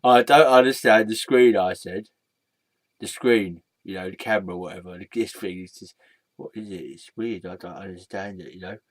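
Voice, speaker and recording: A man's voice: moderate pace, no room sound, natural voice. Bluey, a man doing a mopey sock puppet. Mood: confused muttering. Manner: mumbling, mopey, low-energy. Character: gloomy blue sock puppet, male, bored and grumbling.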